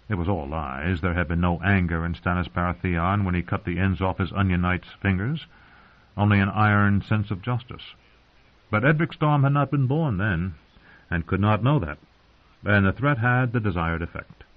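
Brief: low male audiobook narrator, expressive reading, phone-like lo-fi sound. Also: normal speed. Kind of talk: scripted narration.

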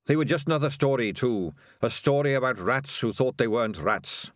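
Narrator as a troubled young male rat: quiet, bitter, halting. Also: medium pitch, animated, no room sound, studio quality, voice pushed up, lightly acted. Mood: brooding.

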